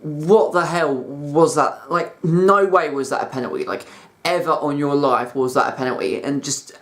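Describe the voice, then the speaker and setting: A man's voice: fairly high pitch, normal speed, fairly bright tone. A man, an angry football fan vlogger ranting about a match in an exasperated, repetitive way. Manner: fuming, exasperated, repetitive "like" and "you know".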